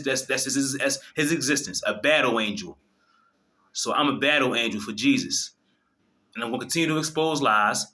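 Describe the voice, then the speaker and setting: Man, fervent religious monologue, bright forceful voice, swears a lot, frequent restarts. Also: mid-range voice. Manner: fervent, preachy, profane, many restarts. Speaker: video host.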